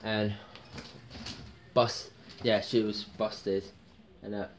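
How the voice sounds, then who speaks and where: A man's voice: lowish voice, level tone, drawn-out words, a little hiss or hum. A man hosting a jokey solo TV review video, rambling and hesitant with many ums and slang words. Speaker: TV soap reviewer.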